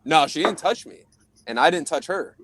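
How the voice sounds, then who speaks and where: A man's voice: on the high side, expressive, normal speed, very noisy. A young man co-hosting a podcast, telling a rambling, profane story in casual chat and laughing often. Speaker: podcast co-host.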